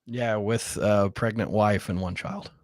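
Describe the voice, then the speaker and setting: A man's voice: on the low side, fairly even intonation, unhurried, no echo, studio quality. A man, a real estate investor and coach, telling his story earnestly and candidly in a podcast interview, openly emotional.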